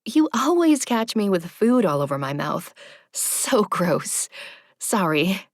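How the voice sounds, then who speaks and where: A teasing, easily flustered young woman, as a narrator plays her in an audiobook, her voice lifting up brightly against the low narration. The sound is dry and close, with no room around it. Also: sing-song, no room sound. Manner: bright, teasing, quick to react. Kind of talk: audiobook character voice.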